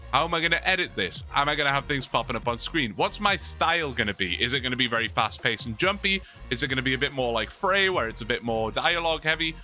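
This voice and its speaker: A man's voice: medium pitch, bright, forceful tone. A young man chatting casually on a long livestream, rambling, reading chat and laughing often, his mouth sore from talking.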